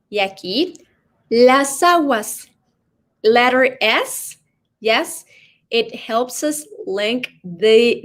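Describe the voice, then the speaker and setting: A woman teaching an online language class. She talks slowly, in a slightly high voice. She keeps pausing to ask "okay?" as she explains. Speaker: Spanish teacher.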